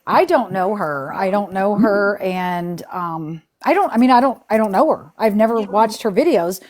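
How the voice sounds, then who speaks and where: A woman's voice: medium pitch, animated, normal speed, a little mellow. A woman hosting a live stream, chatting casually and retelling arguments with quoted back-and-forth, rambling and exasperated. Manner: chatty storyteller who acts out quoted exchanges; exasperated, rambling and full of restarts.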